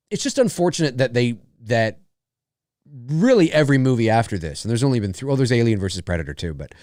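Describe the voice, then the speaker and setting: A man in the middle of a casual live movie commentary, rambling from thought to thought with plenty of laughs and offhand swearing. His voice sits at an ordinary pitch but moves around a lot as he talks. The sound is dry, with no room echo. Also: a little mellow.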